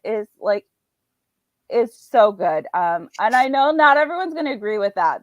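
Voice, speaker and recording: A woman's voice: mid-range voice, lively intonation, moderate pace, no room sound. Woman guest chatting away, lots of ums, dry dull mic. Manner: chatty, filler-heavy, acts out her own thoughts. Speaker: indie author and podcast guest. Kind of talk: casual interview chat. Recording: dull, slightly lo-fi dry sound.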